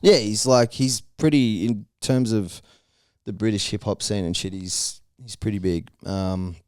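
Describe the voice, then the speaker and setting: A man's voice: on the low side, measured pace, a little mellow, smooth, no echo, studio quality. A young Australian man co-hosting a podcast, laid-back and swearing, laughing often in casual chat. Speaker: podcast co-host.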